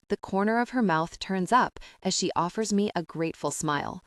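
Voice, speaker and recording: A young adult woman reading a first-person romance audiobook with a steady, calm and expressive delivery. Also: medium pitch, moderate pace, hardly any pauses, dry recording, clean studio sound. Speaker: audiobook narrator.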